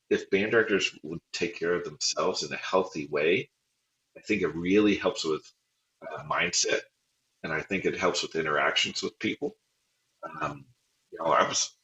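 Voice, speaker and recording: Low, bright-toned male guest, chatty storyteller who jokes at his own expense. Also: expressive, normal speed, pauses often, echoey room, muffled recording. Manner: chatty, self-deprecating, acts out quotes with laughs. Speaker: guest, former band director. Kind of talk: casual storytelling interview.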